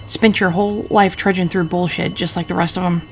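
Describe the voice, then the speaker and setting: A woman voicing a crude, drunken, scheming husband from the 1940s, talking gruffly and cursing. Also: lowish voice, flat delivery, brisk, soft background music, natural voice. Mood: grumbling. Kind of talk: reading game dialogue aloud.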